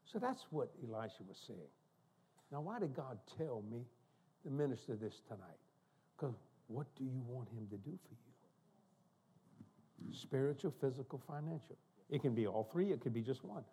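An older man preaching a sermon, telling folksy, humorous family stories in an animated way. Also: medium pitch, normal speed, pauses often, slightly rough. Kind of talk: storytelling sermon. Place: church.

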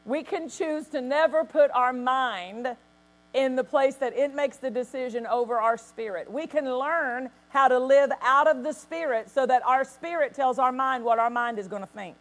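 High-voiced woman pastor preaching. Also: normal speed. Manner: animated storytelling with acted laughter and quotes. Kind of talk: sermon.

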